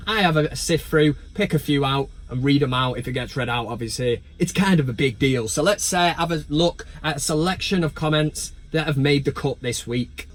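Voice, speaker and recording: A young man hosting a football fan vlog, talking in blunt, sweary banter. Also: on the high side. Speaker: football fan channel host. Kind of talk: casual vlog commentary.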